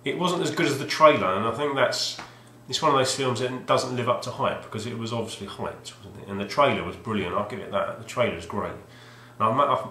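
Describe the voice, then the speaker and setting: A man's voice: medium pitch, a little fast, hardly any pauses, sharp tone, slight background noise. Rambling man in an echoey room. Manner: hesitant, restarts often, wry. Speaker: video game collector vlogger. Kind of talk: rambling casual monologue. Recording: roomy echoey home recording.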